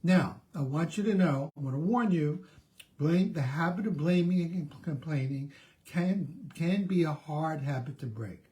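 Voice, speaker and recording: A middle-aged male therapist talks through a self-help topic on his own, in a loose conversational way. He often stops short and repeats words before going on. His voice sits a little high for a man. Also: a little slow, mellow. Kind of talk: solo self-help talk.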